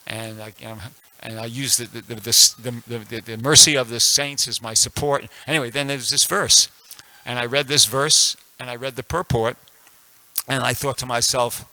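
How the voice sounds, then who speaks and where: A man's voice: medium pitch, pushed and bright, no echo, poor audio. A man in his sixties giving a casual scripture class at a temple, telling a personal story with many restarts and fillers. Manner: rambling, frequent restarts and fillers.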